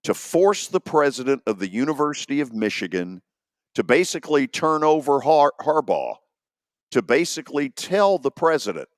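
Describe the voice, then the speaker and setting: A man's voice: medium pitch, very animated, normal speed, no room sound, clean studio sound. A man hosting sports radio, making his points emphatically and acting out what others might say. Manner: emphatic, acts out quotes. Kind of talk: opinionated sports talk.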